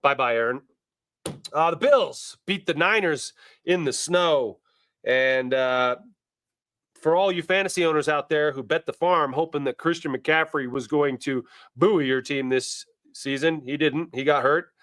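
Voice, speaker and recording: Man, sports talk host, wisecracking, slightly high voice, dry close sound. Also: measured pace, dry recording. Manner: animated, wisecracking, talks to viewers. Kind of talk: casual sports commentary.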